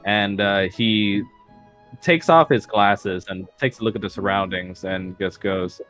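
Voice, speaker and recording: A man's voice: fairly low pitch, unhurried, fairly bright tone, soft background music, low-quality recording. A man narrating a tabletop game as game master, casual and full of fillers.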